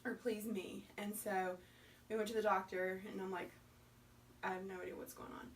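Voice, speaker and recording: A woman's voice: medium pitch, flat delivery, moderate pace. A woman in her thirties, a mother and co-host, chatting casually about her children, full of "like" and acted quotes. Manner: chatty, lots of "like", acts out quotes. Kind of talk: casual chat. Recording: distant mic with faint noise.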